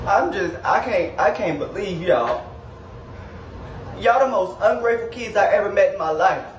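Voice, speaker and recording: A man's voice: sits high, expressive, normal speed, highs cut off. A man playing a furious, cursing overworked mom. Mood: exasperated. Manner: yelling, cursing, exasperated. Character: furious overworked mother scolding her kids. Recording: roomy, distant, noisy skit audio.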